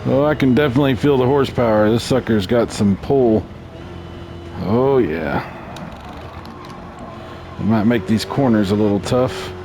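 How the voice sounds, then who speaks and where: A man hosting a casual let's-play video, chatting through a racing game in a relaxed, self-mocking way. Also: medium pitch, unhurried, pauses often, background noise. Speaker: gaming channel host.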